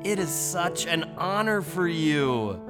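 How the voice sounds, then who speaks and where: A man's voice: a little high, very animated, slow pace. A man playing a vain, self-adoring theater composer in a live stage parody, boastful and campy. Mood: smug. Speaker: stage comedian. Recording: reverberant theater with faint music.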